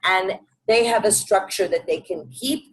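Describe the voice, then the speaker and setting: A teacher on a video call, giving brisk instructions to a colleague during a live demo. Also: female voice, mid-range voice, low-quality recording. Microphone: computer mic on a video call.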